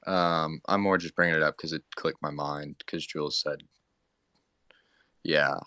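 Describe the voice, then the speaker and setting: A man's voice: a bass voice, fairly even intonation, a little slow, pushed and bright, clear, resonant tone, dry recording, studio quality. A man co-hosting a casual chat, hesitant and trailing off with many fillers.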